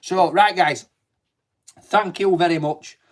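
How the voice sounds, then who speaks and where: A man's voice: high-pitched, takes it slowly. A middle-aged man with a broad Yorkshire accent, co-hosting a casual, jokey radio chat. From Barnsley, England. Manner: chatty, jokey, broad dialect. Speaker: radio co-host.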